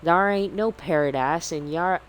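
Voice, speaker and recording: A streamer voicing a gruff male pirate captain with a put-on Southern drawl, loud and blustery. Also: mid-range voice, measured pace, voice pushed up, lightly acted. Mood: taunting.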